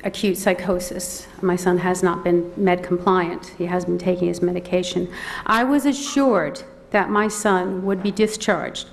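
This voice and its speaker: A middle-aged woman, a mother and advocate, giving public comment at a county board meeting, emotional and close to tears, halting and repeating words. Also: medium pitch, gravelly. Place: large council chamber. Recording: long hall reverb, faint noise.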